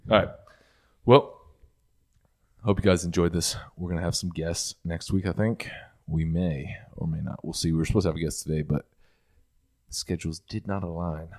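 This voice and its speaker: A young man hosting a podcast, relaxed and jokey as he chats and signs off. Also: sits low, moderate pace. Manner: relaxed, jokey, wraps up the show. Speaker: podcast host. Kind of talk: casual chat.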